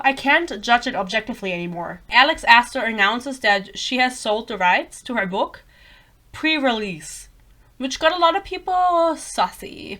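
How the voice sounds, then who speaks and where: A woman's voice: fairly high pitch, bright, forceful tone. A bilingual woman ranting about a book in a casual vlog, blunt and sarcastic, swearing freely and wandering off into tangents. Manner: rambling, self-interrupting tangents. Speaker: book reviewer.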